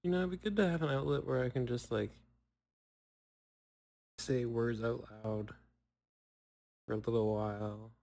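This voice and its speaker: A young man talks loosely to himself, drifting from thought to thought and poking fun at himself. His voice is mellow and dark, with long pauses left in. It sounds like a relaxed solo chat. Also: mid-range voice, gravelly, poor audio. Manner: rambling, self-mocking, long pauses. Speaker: podcaster.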